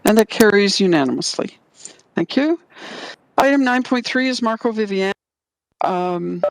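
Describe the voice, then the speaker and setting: A woman chairs a committee meeting, calling items and speakers in brisk procedural language. Her voice has a middle pitch, and the sound is dry and close with no room echo. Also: vocal fry.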